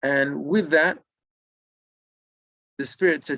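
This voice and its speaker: A man preaches and tells a moral tale with lively, acted-out turns. His voice is gravelly and a bit high, recorded close and dry. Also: a little fast, dry recording, low-quality recording. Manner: animated, acts out the figures, mixes in Hebrew terms. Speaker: religious storyteller and teacher. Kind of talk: sermon-style storytelling.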